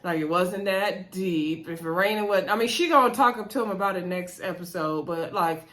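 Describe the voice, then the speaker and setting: A woman's voice: on the low side, moderate pace, a bit bright. A woman casually recapping and reviewing a reality show episode, chatting to her viewers and laughing often.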